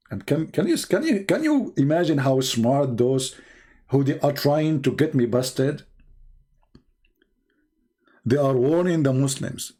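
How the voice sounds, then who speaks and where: A man hosting a live-stream religious debate, with a fairly high voice for a man. He mocks and prods with one rhetorical question after another. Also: expressive, moderate pace, warm tone.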